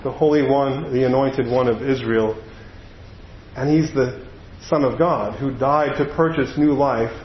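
A man's voice: medium pitch, slight background noise. A male pastor preaching a sermon in a conversational, storytelling manner. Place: church sanctuary. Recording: echoey dull room recording.

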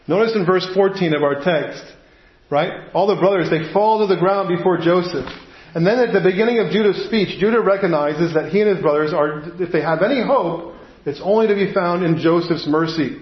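A man preaching a sermon in a conversational way, often checking in with "right?". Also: fairly high pitch. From United States. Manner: conversational, frequent "right?" asides. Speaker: pastor. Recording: roomy, dull audio.

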